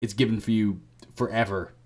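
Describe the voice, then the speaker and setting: Chill bro jesus, a guy putting him on, low quiet voice, super casual. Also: steady tone, a little fast, lightly acted. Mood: nonchalant. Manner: nonchalant, low-key, slangy. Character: laid-back casual male Jesus, bro-speak. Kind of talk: comedic storytelling.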